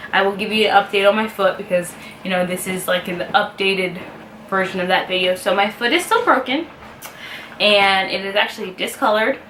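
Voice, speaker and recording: A woman speaking to camera in a personal vlog, emotional and heartfelt, pausing often as she talks. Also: medium pitch, a bit bright. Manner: emotional, heartfelt, halting with pauses. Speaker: vlogger. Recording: echoey room with faint ambient noise.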